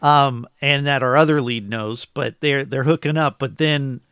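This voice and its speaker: A man from Florida co-hosting a casual film review, chatty and quick to give his opinions. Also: medium pitch, steady tone, a bit bright, smooth, no room sound, clean studio sound. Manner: chatty, jumps in with quick opinions and mock voices. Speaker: podcast co-host.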